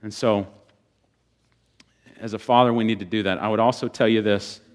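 A man preaching a sermon as a pastor, swinging between loud bursts and quiet, hushed passages. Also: fairly low pitch, steady tone, normal speed.

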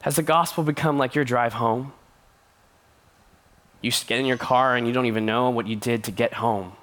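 A man's voice: medium pitch, steady tone, normal speed, a bit bright. A young man giving a sermon as a youth pastor, earnest and conversational, with playful asides.

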